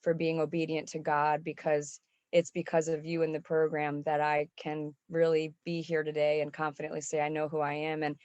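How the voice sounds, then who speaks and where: A middle-aged woman speaks a heartfelt, tearful testimony of faith. Her voice sits low and stays even in pitch. The sound is dry and close. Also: moderate pace, dry recording, muffled recording. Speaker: songwriting program member giving a testimonial. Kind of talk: emotional spoken testimonial.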